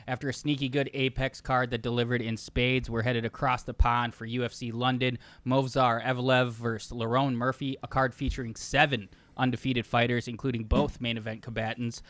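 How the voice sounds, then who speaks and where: A man's voice: medium pitch, flat delivery, fairly quick, hardly any pauses, a bit bright, dry recording. A man hosting a sports betting podcast in casual chat, laughing often and joking around. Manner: laughs often, jokey impressions. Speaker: podcast host.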